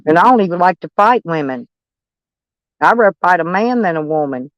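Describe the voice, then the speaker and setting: A woman's voice: lowish voice, lively intonation, brisk, no echo, dull audio. A woman chatting with viewers on a livestream, blunt and swearing freely, calling people honey. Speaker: livestream host. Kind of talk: casual livestream chat with viewers.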